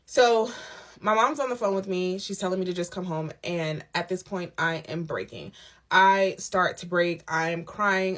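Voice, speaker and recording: A woman telling her own story in a casual storytime monologue, candid and emphatic, with quick asides. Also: on the low side, animated. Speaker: storyteller recounting a personal ordeal. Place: lives on a military base abroad.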